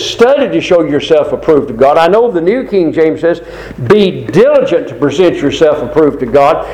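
A man preaching a sermon, earnest and emphatic, asking the congregation rhetorical questions and reading scripture slowly and deliberately. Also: sits high, a little mellow, low-quality recording.

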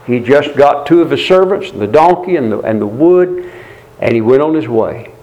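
A man's voice: medium pitch, expressive, moderate pace, a little mellow, lo-fi sound. A man preaching a sermon, retelling a scripture story with emphatic repetition. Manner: emphatic, repeats phrases for stress, storytelling.

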